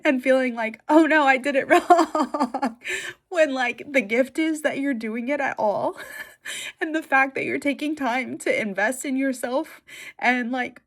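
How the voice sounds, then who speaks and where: A woman vlogger chatting casually to camera, giggly and emotional, tearful at times, with lots of fillers. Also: on the high side.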